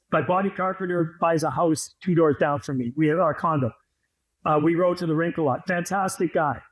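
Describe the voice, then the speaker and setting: On poor audio, a man in his fifties with a voice on the high side chats casually as a podcast guest. The former hockey player tells long, rambling stories and laughs along the way.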